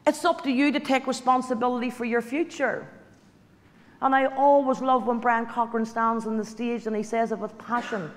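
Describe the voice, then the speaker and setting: A woman's voice: fairly high pitch, steady tone, moderate pace. Woman, guest speaker at a business event, chatty, repeats lines, big hall echo. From Ireland. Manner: chatty, direct, repeats key lines for emphasis. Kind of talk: motivational speech to an audience. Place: large hall. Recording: hall reverb, stage speech.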